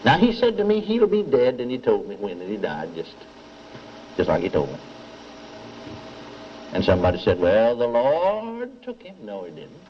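A man's voice: medium pitch, moderate pace, pauses often, lo-fi sound, a little hiss or hum. An older man preaching a sermon, telling a story with acted-out dialogue and calling on the congregation for amens. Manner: animated storytelling, repeats dialogue, asks audience for amens.

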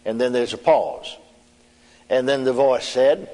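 A man's voice: medium pitch, a little slow, long pauses, warm tone. A male preacher giving a testimony in a folksy storytelling manner, with chuckles and repeated asides to the congregation. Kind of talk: sermon testimony. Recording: long reverb in a hall.

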